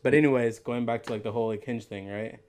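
A man's voice: medium pitch, fairly even intonation, fast talker, darkish tone. A young man co-hosting a casual podcast, rambling with lots of fillers, swearing freely and teasing his friend. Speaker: podcast co-host. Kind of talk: casual chat.

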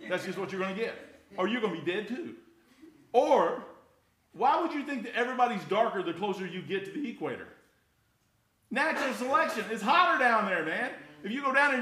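A man preaching an informal sermon, folksy and conversational, rising loud and then dropping quiet. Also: sits high, sing-song, a little fast.

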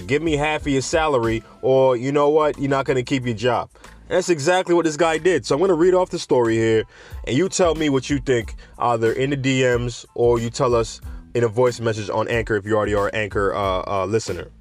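A man's voice: mid-range voice, quick pace, soft background music. Rambling young man hosting a podcast. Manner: rambling, conversational, with restarts and asides. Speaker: podcast host. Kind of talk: casual podcast commentary.

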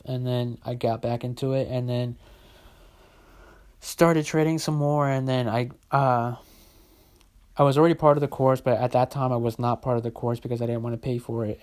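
A man's voice: mid-range voice, a little mellow. Man in his twenties, casual vlogger, rambling, filler-heavy, swears a lot. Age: 20s. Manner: rambling, lots of "like", swears freely. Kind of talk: casual storytelling vlog.

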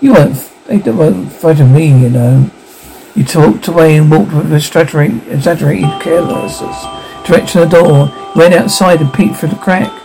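A man's voice: on the high side, vocal fry, mellow, poor audio. A man narrating a ghost story aloud as an audiobook, giving the characters light voices of their own.

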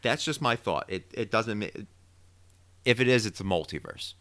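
A man co-hosting a podcast, casually recapping a TV episode with opinionated, animated theorizing. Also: fairly low pitch, moderate pace, dry recording. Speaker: podcast co-host.

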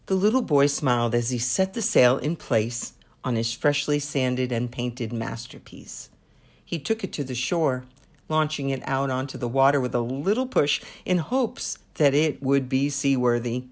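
A woman's voice: a bass voice, lively intonation, a little mellow. A woman hosting a devotional podcast, telling a story and drawing a faith lesson from it. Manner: slow and deliberate.

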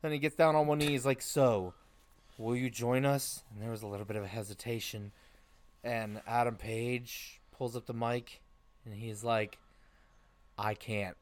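Young male podcast co-host, animated recaps, says dude constantly, mid-pitched. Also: normal speed. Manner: animated storyteller, calls everyone dude. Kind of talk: casual chat.

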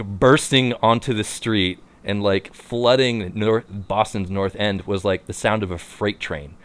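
A man in casual chat, telling a story with lots of fillers, restarts and bursts of laughter. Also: fairly low pitch. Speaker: podcast co-host.

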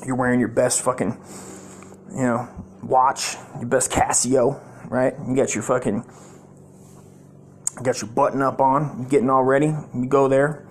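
A man's voice: medium pitch, level tone, moderate pace, long pauses, a little hiss or hum. A middle-aged man, telling a rambling, profane comic story. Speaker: comedic storyteller.

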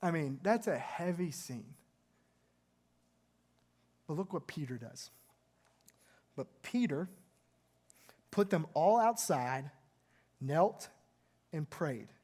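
A man's voice: fairly high pitch, animated, slow, pauses often, a little mellow. A male pastor preaching a sermon, retelling a scripture story in an earnest, emphatic way.

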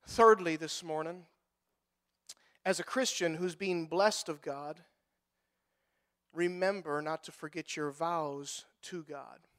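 A man preaching as a pastor, swinging between hushed lines and loud, pleading outbursts, with emphatic repeated phrasing. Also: fairly high pitch, steady tone, slow, long pauses. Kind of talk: preaching a sermon.

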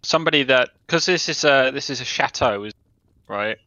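A young man with a bright, forceful voice talks through his ideas as a tabletop player, pausing and restarting often. The sound is dry and a little dull, like a lo-fi recording. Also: mid-range voice, no echo. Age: young adult. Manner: hesitant, many fillers and restarts. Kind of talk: casual tabletop chat.

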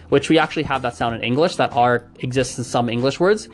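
A man's voice: medium pitch, fast, faint music behind. A man casually explaining pronunciation facts, chatty and hedging, trying out sounds aloud as he goes. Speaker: language enthusiast explaining pronunciation.

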